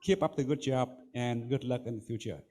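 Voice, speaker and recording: A man's voice: mid-range voice, brisk, a little mellow. A man, coaching a student as a contest judge in an emphatic way, often asking if he is understood. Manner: coaching, emphatic, repeats "you know what I mean". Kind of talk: spoken feedback to a student.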